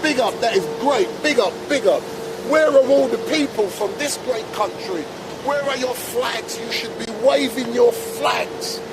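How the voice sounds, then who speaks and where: A man's voice: very high voice, measured pace. A man doing a chatty live interview on a busy city street, holding a handheld mic. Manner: chatty, exclaiming. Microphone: handheld microphone. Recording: noisy street, traffic behind.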